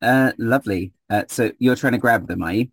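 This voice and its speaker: A man narrating a tabletop game as game master, relaxed and hesitant, filling pauses with ums. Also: medium pitch, no echo.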